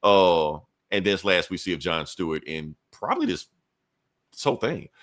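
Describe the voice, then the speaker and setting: A man with a fairly low voice loosely recounting a comic book plot on a podcast. He talks casually, drops in the characters' lines as quick asides, and swears freely. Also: expressive, a bit bright. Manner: frequent profanity and fillers. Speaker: podcast host.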